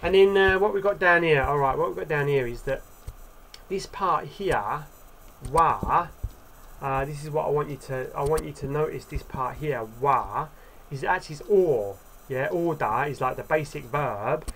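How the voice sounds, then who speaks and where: A man giving a casual video lesson, explaining things loosely with many fillers and tag questions, and sounding out example words slowly. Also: fairly high pitch, a bit bright, a little hiss or hum. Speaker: Korean language teacher.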